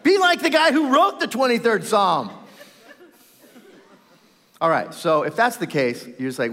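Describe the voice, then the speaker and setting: Lively high-voiced pastor preaching. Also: male voice, moderate pace, pauses often. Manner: animated, acts out quoted voices, addresses congregation directly. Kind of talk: sermon. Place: large church hall with reverb. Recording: live sermon in reverberant hall.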